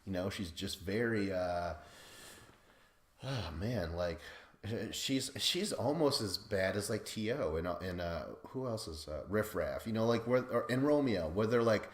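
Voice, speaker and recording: A man's voice: low voice, lively intonation, normal speed. Rambling man in an echoey room. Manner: rambling, profane, self-deprecating, laughs often. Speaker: podcast host. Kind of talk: casual recap chat.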